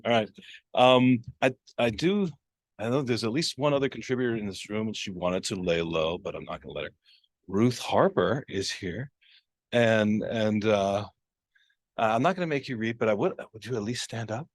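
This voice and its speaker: A man's voice: on the low side, moderate pace, no room sound. Chatty man hosting a reading. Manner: chatty, filler-heavy, coaxing. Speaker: event organizer and magazine editor. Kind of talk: casual event announcements. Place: university library gallery reception.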